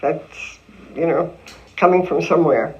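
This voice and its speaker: An older woman in an interview, telling stories of her early acting career in a lively way, acting out what people said to her. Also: deep voice, unhurried, muffled recording. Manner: lively storytelling with acted-out quotes and laughs. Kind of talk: reminiscing interview.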